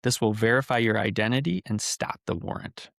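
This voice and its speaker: A man's voice: fairly low pitch, a little fast, vocal fry, a bit bright, no room sound, clean studio sound. A man voicing a stern male scam caller who poses as a tax agent, giving cold commands. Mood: commanding. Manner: cold, commanding, barks orders.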